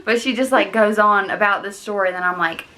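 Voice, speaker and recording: A woman's voice: mid-range voice, a little fast, a little hiss or hum. A young woman vlogging, chatting casually and acting out other people in quotes. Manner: animated, mimics people in quotes. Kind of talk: casual chat.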